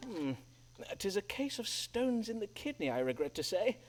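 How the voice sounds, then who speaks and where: A self-assured Elizabethan doctor in a game, speaking in archaic courtly phrases. His voice moves widely in pitch. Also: sing-song, normal speed, over music. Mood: pompous. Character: pompous Elizabethan male doctor-astrologer.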